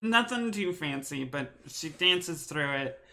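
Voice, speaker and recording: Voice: medium pitch, lively intonation, takes it slowly, gravelly, pushed and bright. A player narrating their own character's actions in a tabletop role-playing game.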